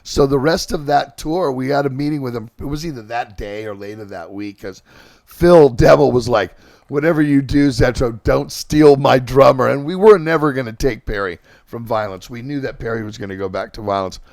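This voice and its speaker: Brief: middle-aged male host, gravelly voice, dry close sound, loose storytelling full of ums and restarts. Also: mid-range voice, darkish tone, no room sound. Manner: halting, with many fillers and restarts. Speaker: podcast host and band singer. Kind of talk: casual rambling storytelling.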